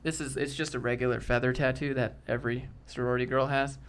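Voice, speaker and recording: A man's voice: mid-range voice, level tone, quick pace, a bit bright, clear, resonant tone, lightly acted. A man voicing a vain, bubbly young sorority girl with a lilting valley girl drawl. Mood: gushing.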